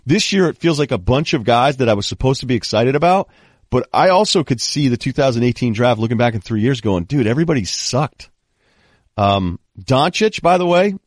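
A man's voice: mid-range voice, no room sound, clean studio sound. A man hosting a casual sports podcast, telling stories and acting out the people he quotes. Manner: animated storyteller, acts out quoted people. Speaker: podcast host.

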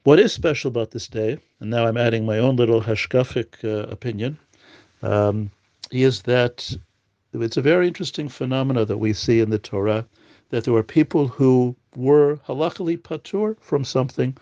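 A man's voice: mid-range voice, moderate pace, warm tone, no echo. Man teaching Torah, dull lo-fi audio. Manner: explains in English with Hebrew quotes, many fillers. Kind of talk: informal Torah lesson.

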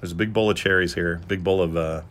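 A man's voice: low voice, steady tone, quick pace, a bit bright, a little hiss or hum. A man in his fifties co-hosting a podcast in casual chat, joking and rambling with puns. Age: 50s. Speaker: podcast co-host.

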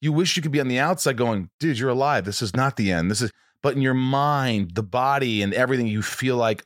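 A man hosting an interview, responding in casual conversation in an earnest, halting, emotional way. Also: mid-range voice, dry recording, studio quality. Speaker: podcast host. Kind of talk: casual chat.

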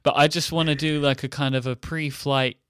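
Young male co-host, deadpan and rambling, dry close mic. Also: on the high side, fairly quick, clear, resonant tone, no room sound. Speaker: podcast co-host. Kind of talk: casual banter.

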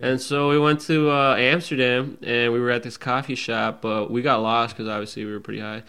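A man's voice: level tone, fairly quick, bright, forceful tone, clear, resonant tone. Laid-back slangy young man telling a story. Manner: laid-back slangy storyteller, acts out his own panic in a high voice. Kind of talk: casual storytelling chat.

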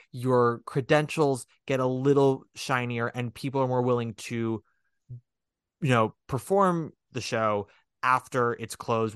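A man chatting casually as a podcast host, rambling and animated, with a self-deprecating, frank manner. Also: medium pitch, smooth, no echo, clean studio sound. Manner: swears casually. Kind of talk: casual chat.

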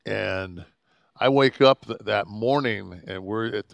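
A man's voice: on the low side, gravelly, dry recording. A man in his sixties, a podcast host, telling a rambling, profane road story and acting out the people in it. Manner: profane, rambling, animated quoting of others. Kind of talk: casual storytelling.

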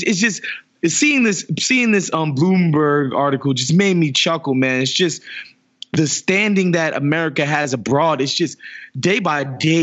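A man co-hosting a casual political chat, animated and mocking, laughing often. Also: on the high side, breathy edge. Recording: dull lo-fi audio.

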